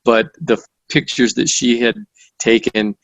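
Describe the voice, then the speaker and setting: A man's voice: medium pitch, measured pace, no room sound, dull audio. A man, the guest author, recounting stories in conversational interview style, with frequent restarts and fillers. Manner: storytelling with many restarts and fillers.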